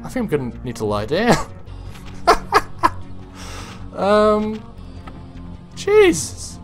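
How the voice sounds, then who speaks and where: A man's voice: high-pitched, normal speed, over music. A man giving let's-play commentary on a game, talking to himself and his viewers, and yelping and swearing whenever something startles him. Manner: excitable, yelps and swears when startled. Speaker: gameplay commentator.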